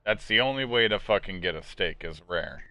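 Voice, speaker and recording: A man's voice: on the low side, animated, normal speed, pushed and bright, dry recording. A man hosting a casual podcast, answering viewer questions bluntly and swearing freely. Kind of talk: casual chat. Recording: dull, muffled recording.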